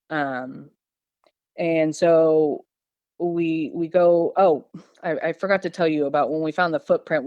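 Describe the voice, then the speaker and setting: A woman's voice: deep voice, darkish tone, smooth, no room sound. Woman, from Missouri, podcast guest, rambling storyteller, lots of ums and restarts, dry close recording. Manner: rambling, with many fillers and restarts. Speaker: podcast guest telling an encounter. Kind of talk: casual storytelling.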